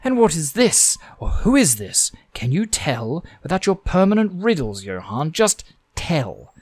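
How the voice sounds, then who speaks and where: Aussie guy doing a shrill fed-up wife nagging about her pills, voice swooping all over, dry close sound. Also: big pitch swings, unhurried, a little mellow, breathy edge, dry recording, exaggerated voice. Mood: demanding. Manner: shrill, exasperated scolding. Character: nagging frustrated middle-aged woman.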